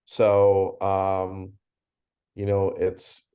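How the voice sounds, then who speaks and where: Middle-aged guy, slightly low voice, chatty founder acting out little stories. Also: extremely slow. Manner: animated storyteller acting out dialogue. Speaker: convention founder. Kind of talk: casual interview.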